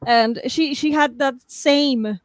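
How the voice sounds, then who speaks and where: A woman author chatting over a video call, chatty and self-mocking, and quick to laugh. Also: sits high, no echo. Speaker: author at a karaoke meetup. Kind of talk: casual group video chat.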